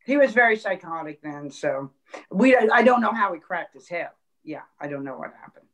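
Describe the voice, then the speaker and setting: A woman guest on a podcast, talking quietly and in a measured way about a hard time. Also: lowish voice, lively intonation. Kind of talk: reflective conversation.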